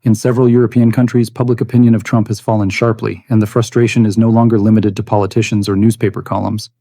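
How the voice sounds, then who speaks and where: A man reading scripted commentary narration in an even, measured way. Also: on the low side, no echo, clean studio sound.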